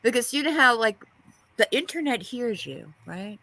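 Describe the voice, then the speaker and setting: Animated, gravelly-voiced gossiping woman. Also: on the high side, moderate pace, rough recording. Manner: animated, squeamish, exclaims in disgust. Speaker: panel host. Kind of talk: casual gossip panel chat.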